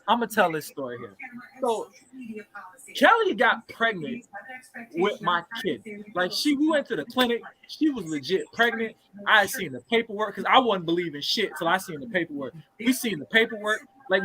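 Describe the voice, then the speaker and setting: A man's voice: high-pitched, sharp tone, rough recording. A man in his thirties telling a story in casual, profane chat as a podcast co-host. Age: 30s.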